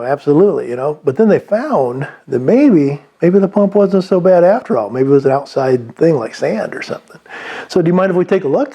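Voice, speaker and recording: A man speaks in a mellow, fairly high voice, giving casual, unscripted sales advice to business owners. He rambles and restarts often, padding his talk with fillers. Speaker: sales trainer.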